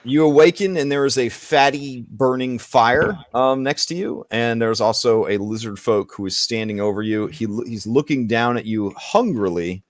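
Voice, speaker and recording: A man narrating a tabletop game as game master in a relaxed, rambling way with many fillers. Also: medium pitch, moderate pace, hardly any pauses, dry recording.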